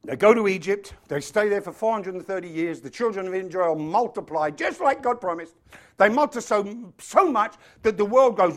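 Animated high-pitched male preacher. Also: fairly quick. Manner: animated, acts out voices, big swings from loud to hushed. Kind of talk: sermon.

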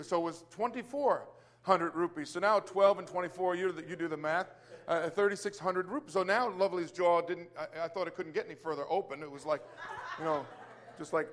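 High-voiced man preaching a testimony. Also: fairly quick. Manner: animated, repeats words, exclaims hallelujah. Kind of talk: testimony sermon storytelling.

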